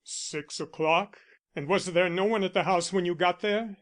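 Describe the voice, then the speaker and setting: Agitated young man, read by a male narrator, fierce and suspicious, highish voice. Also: normal speed, a bit bright. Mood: questioning. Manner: agitated, accusing. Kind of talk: audiobook character reading.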